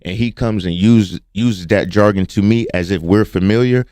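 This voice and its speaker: A man with a low, mellow voice co-hosts a casual podcast chat. He tells stories with energy, laughs a lot and acts out what others said. His voice is close and dry. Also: moderate pace, no room sound. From Washington, D.C. area. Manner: animated storyteller, laughs often, acts out quotes. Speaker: podcast co-host.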